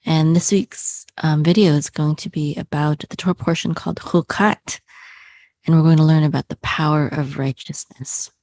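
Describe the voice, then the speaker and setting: A woman's voice: sits low, fairly even intonation, moderate pace, a little mellow. A woman teaching a Hebrew lesson, spelling out letters and vowels patiently with frequent ums.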